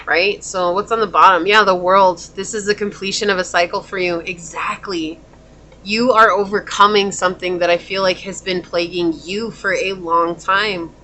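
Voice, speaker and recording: Bright-voiced woman reading tarot cards. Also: medium pitch. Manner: animated, laughing, acts out quoted voices. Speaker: tarot reader. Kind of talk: casual pick-a-card tarot reading.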